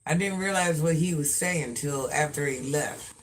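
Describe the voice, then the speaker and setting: A man's voice: a little high, normal speed. A man casually telling a story to camera, animatedly retelling and quoting what other people said. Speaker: vlogger. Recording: noisy background.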